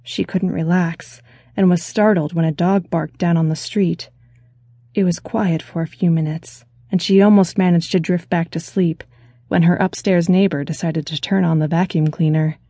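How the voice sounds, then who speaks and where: A woman narrates a suspense audiobook in a steady, measured way. Her low voice is husky and mellow. The recording is dry and close. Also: no echo. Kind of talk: scripted narration.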